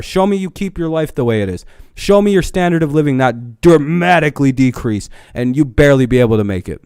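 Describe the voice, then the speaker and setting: A man's voice: a little high, animated, brisk, a little mellow, smooth, no echo, clean studio sound. A young man hosting a live stream who rants heatedly, swearing often. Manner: heated, profane, ranting. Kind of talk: casual live stream rant.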